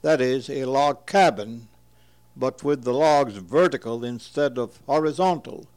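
Slow, careful man reading word glosses. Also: mid-range voice, darkish tone. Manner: reads each entry aloud, repeats native words carefully and explains them. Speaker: translator of an old word list.

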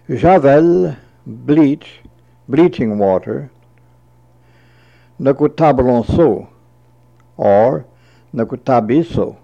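Guy reading vocab off a list really slowly, mellow low-key voice, kinda muffled lo-fi audio. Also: expressive, vocal fry. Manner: reads each word, then repeats and translates it. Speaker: language teacher reading a word list. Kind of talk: slow dictionary reading with translations. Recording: dull lo-fi recording.

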